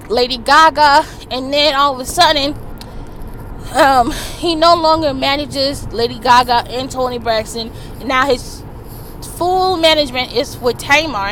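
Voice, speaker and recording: A high-voiced woman, ranting loudly and profanely into a phone camera. She talks from her car in traffic, and faint road noise hums under her voice. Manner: loud, profane, fired-up ranting. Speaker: gossip vlogger. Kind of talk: casual ranting commentary.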